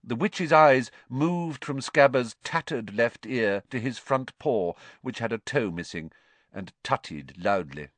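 A man giving expressive scripted narration of a storybook audiobook. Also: medium pitch, takes it slowly, dry recording.

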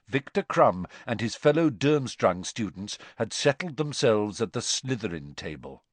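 A man narrating an audiobook chapter in a measured, expressive storytelling manner. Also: on the low side, no echo. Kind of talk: scripted narration.

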